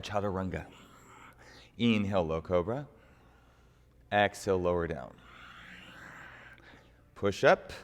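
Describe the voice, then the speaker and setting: A man leading a guided yoga class, calmly cueing each breath and movement. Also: lowish voice, big-room sound. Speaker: yoga instructor.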